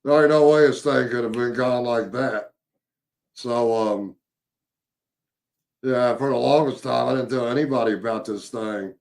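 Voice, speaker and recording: Gravelly guy rambling thru a story, keeps restarting, lots of uh and so so. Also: mid-range voice, darkish tone. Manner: rambling, halting, full of fillers and restarts. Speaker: witness telling an encounter story. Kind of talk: casual storytelling.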